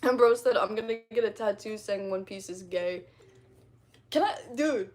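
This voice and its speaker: Young woman streamer, a little high-pitched, slangy, rambling, quick to laugh. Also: darkish tone. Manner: rambling, slangy, laughs a lot, dramatic retelling. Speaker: streamer chatting with followers. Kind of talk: casual chat.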